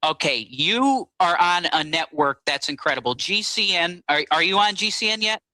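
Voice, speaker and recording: A man guest on a talk show, recounting events in a halting, rambling way with many fillers. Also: high-pitched, expressive, pushed and bright, no room sound, rough recording. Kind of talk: casual phone-in interview.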